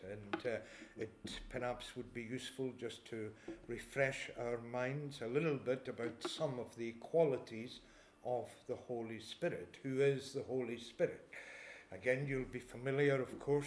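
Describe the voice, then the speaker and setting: A man of ordinary pitch preaches a measured sermon, reading scripture slowly and pausing to explain each verse. He clears his throat now and then. The sound rings around an echoey church with faint ambience behind. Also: slight background noise.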